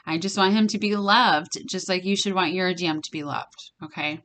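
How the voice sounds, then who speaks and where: Bright-voiced chatty young woman. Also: lowish voice, moderate pace. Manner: chatty and blunt, swears freely, laughs often. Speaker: tarot reader and vlogger. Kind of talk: casual tarot reading vlog.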